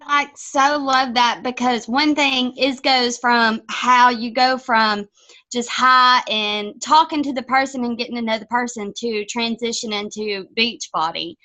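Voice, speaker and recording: A woman calling in with a question, speaking haltingly as she searches for words. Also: on the high side, bright, forceful tone. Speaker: caller with a question.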